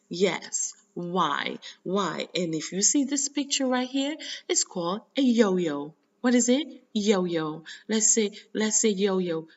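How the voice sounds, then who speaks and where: A woman's voice: medium pitch, animated, slow pace, dull audio. A woman with a Haitian accent teaching a children's phonics lesson, drilling letter sounds in a sing-song call-and-response.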